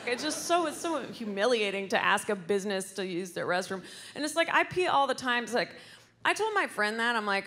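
A woman does a rambling, self-deprecating stand-up set on stage, breaking into loud put-on voices. Her voice is on the high side, sing-song and fairly quick, and the live crowd recording carries audience laughter and slight background noise.

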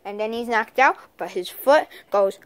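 A female host giving casual commentary on a toy fight, halting and repeating herself as she goes. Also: a little high, lively intonation, clean tone, dry recording. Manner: halting, repeats "and then" often. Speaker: video host.

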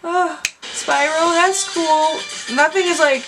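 High-voiced woman gasping at game reveals. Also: steady tone, slow pace, over music. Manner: gasping, squealing and talking over the footage. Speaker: gaming YouTuber reacting to a showcase. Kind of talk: excited live reaction. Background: game trailer audio playing.

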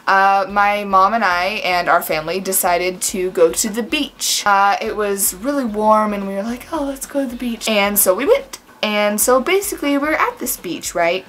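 A woman's voice: medium pitch, normal speed, hardly any pauses, a bit bright, a little hiss or hum. A woman telling a story to her camera in a casual vlog, chatty and full of fillers. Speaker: vlogger.

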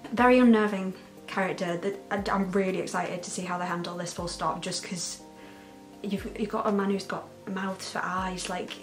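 A woman giving an excited, unscripted reaction to a trailer, gushing, laughing often and close to tears. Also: on the low side, moderate pace, faint music behind. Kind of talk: casual, unscripted reaction commentary.

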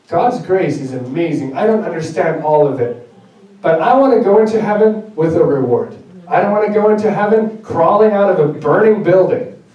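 Pastor preaching in an echoey hall. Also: male voice, fairly high pitch, dark tone, highs cut off. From Germany. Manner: direct, conversational, self-joking. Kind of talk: sermon. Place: church sanctuary. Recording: echoey church hall, mic far off.

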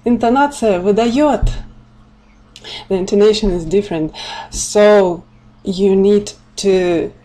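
A woman from Russia with a Russian accent, giving a live-streamed language lesson in English, nervous and excited, laughing often. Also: mid-range voice, slow, long pauses, low-quality recording. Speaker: language teacher. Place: at home in Siberia. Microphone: phone or webcam camera.

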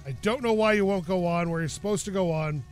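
A young gaming YouTuber talks quickly in a high voice as he casually narrates his gameplay in let's-play style. He chats to himself and curses when he's frustrated.

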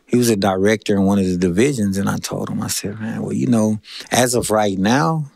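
A man's voice: lowish voice, a little fast, gravelly, darkish tone, dry recording, studio quality. A middle-aged man from Texas telling his life story as an interview guest, earnest, acting out the voices of people he quotes. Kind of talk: conversational testimony.

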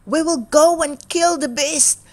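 A woman voicing a group of brave grown men who rally their friend, eager and loud. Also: high voice, measured pace, voice pushed up.

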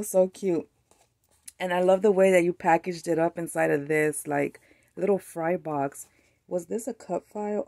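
Woman, Mexican-American accent, slightly low voice, gushing and excited as she opens a craft package; dry room. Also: dry recording. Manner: gushing, excited, frequent laughs. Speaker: craft channel host. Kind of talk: casual unboxing chat.

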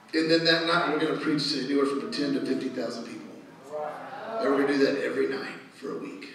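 A middle-aged man preaches with lively storytelling energy, his fairly high voice bouncing around a large, very echoey church. He is picked up from a distance, so the room's reverb wraps every phrase. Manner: animated storytelling, rising to loud exclamations. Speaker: pastor. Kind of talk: sermon. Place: church sanctuary.

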